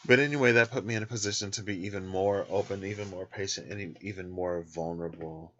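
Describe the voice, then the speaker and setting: A man's voice: low voice, fairly even intonation, fast, a bit bright, dull audio. A man hosting his own channel, rambling candidly and loosely from bed at home, snacking and laughing as he talks. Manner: snacking while talking. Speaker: tarot channel host. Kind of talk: casual late-night rambling vlog.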